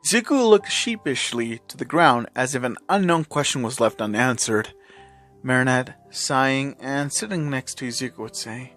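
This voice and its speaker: A man's voice: medium pitch, expressive, moderate pace, fairly bright tone, soft background music. A man narrating fan fiction in a plain storytelling manner, marking each speaker in turn. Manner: plain storytelling with repeated speech tags.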